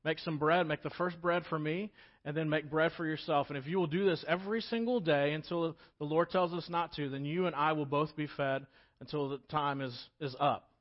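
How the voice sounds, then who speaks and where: A confident male prophet gives firm, step-by-step instructions, voiced by a preacher retelling the story. The voice is a little high and stays close to a man's everyday speech. The recording is dull and lo-fi. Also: steady tone, brisk, natural voice. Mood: commanding.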